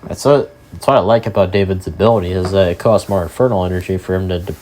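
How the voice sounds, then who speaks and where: A man's voice: low voice, fast, a little mellow, a little hiss or hum. A young man hosting his own gaming channel, chatting casually over gameplay in a rambling, filler-heavy way with casual swearing.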